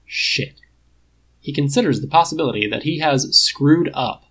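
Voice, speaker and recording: Guy reading fanfic out loud, husky voice, laid-back wry tone. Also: fairly high pitch, moderate pace, poor audio. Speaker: podfic reader. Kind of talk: audiobook narration of fan fiction.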